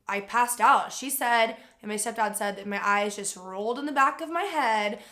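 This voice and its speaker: A young woman telling a personal story to camera in a casual, animated way, with lots of "like" fillers. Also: fairly high pitch, moderate pace. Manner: animated retelling with frequent "like" fillers.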